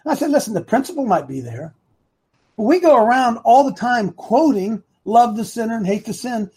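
A man's voice: very high voice, sing-song, moderate pace, mellow, husky. A man hosting a live opinion talk show, rambling and repeating himself for emphasis while talking to his producer and the chat.

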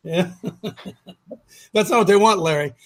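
A middle-aged man hosting a ministry talk show, telling a story with fervor in repetitive bursts that climb to near-shouts. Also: high voice, slow. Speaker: ministry leader and show host. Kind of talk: impassioned conversational storytelling.

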